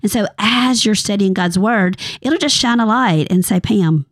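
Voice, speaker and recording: A woman's voice: mid-range voice, moderate pace, no room sound, clean studio sound. A woman giving an earnest, emphatic devotional Bible talk. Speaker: Bible teacher.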